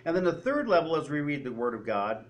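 A man preaching a sermon as pastor, reading scripture aloud and explaining it, and acting out the quoted voices with sudden jumps in pitch. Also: quick pace. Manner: animated, acts out quoted voices with rising pitch. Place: church.

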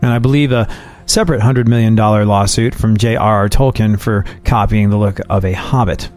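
A man's voice: lowish voice, fairly even intonation, a little fast, a little mellow, faint music behind. A man hosting a solo podcast, talking in a chatty, wry way with asides and jokes. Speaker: podcast host.

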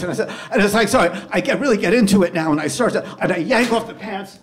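A man telling a personal story with animated, self-deprecating delivery, acting out the scenes. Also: high-pitched, fast, few pauses, distant mic. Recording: echoey room with clear background noise.

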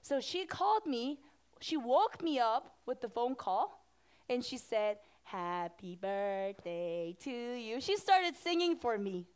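High-voiced woman pastor talking to kids. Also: a little slow. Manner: animated, asks the children questions. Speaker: children's pastor. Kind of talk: children's sermon.

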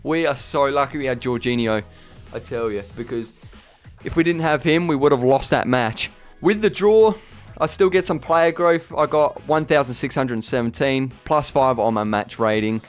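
A man narrates his football video game career in an excitable, reactive way, shouting at the game one moment and grumbling quietly the next. His voice sits at a middling pitch. Soft game music plays underneath. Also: normal speed. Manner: excitable, swings between shouting at the game and deflated muttering. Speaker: gaming YouTuber. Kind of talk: gameplay commentary.

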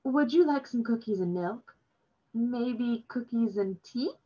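A woman reading as a gracious, gentle lady host. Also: fairly high pitch, expressive, slow, husky, voice pushed up, heavily acted. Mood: gracious, polite. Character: polite gentle adult woman, a kindly host. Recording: dull lo-fi recording.

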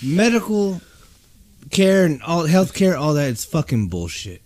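A man's voice: fairly high pitch, very animated, normal speed, a little mellow. A man hosting a podcast who rants in an emphatic, profane way. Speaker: podcast host. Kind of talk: casual podcast rant.

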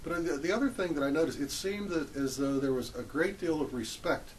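A male interviewer asking hesitant, halting follow-up questions in an oral history interview. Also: fairly high pitch, slight background noise, rough recording.

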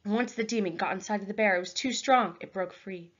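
A woman's voice: mid-range voice, a little fast, a bit bright, highs cut off, natural voice. A woman reading aloud, voicing a guarded, scornful young clan girl. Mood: grim.

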